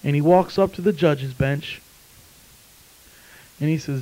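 A man's voice: fairly high pitch, a little slow, long pauses, warm tone, poor audio. A man preaching a sermon, telling a story and then fervently urging listeners to come to faith. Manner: storytelling, then fervent pleading altar call.

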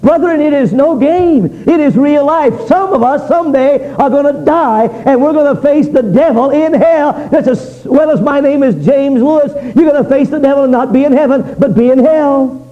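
A man preaching a fiery revival sermon, swinging between loud pleading and low, intense warnings. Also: moderate pace, hardly any pauses, dull audio.

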